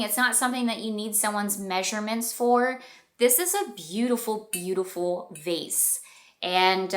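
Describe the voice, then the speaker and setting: A woman's voice: mid-range voice, pushed and bright. A young woman hosting a casual product haul, chatty and gushing, rambling with fillers as she shows each item. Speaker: haul video host.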